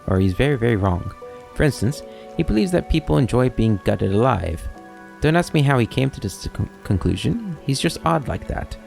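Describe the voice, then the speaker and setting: A man's voice: medium pitch, creaky, darkish tone, pitched above the performer's own voice. A man voicing a sly, talkative male kobold schemer with a wry, rambling, mock-innocent manner.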